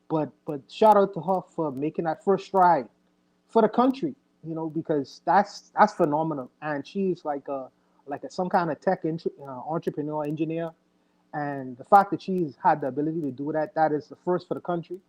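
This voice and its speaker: A woman's voice: deep voice, warm tone, dull audio. A woman co-hosting a casual livestream chat who talks conversationally and hesitates with fillers.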